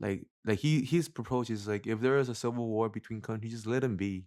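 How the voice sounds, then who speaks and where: Host: man, lowish voice, quick casual questions, many restarts. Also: darkish tone, clean tone. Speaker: podcast host. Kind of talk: casual podcast interview.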